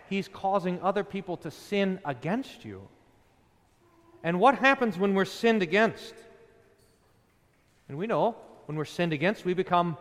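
A man's voice: high voice, a bit bright, big-room sound. A man preaching a sermon as a pastor, emphatic, with rhetorical questions and rises in stress.

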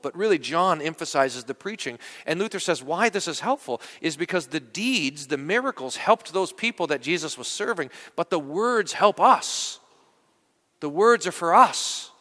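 Animated male pastor preaching in a reverberant hall. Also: on the high side. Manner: conversational, animated, many restarts and repeated words. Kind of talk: sermon. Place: church.

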